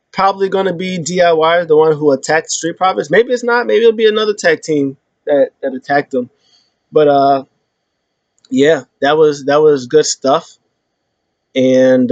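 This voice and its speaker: Male recap host, slightly high voice, dry dull lo-fi sound, animated casual retelling. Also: moderate pace, no echo. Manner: animated retelling that acts out quotes.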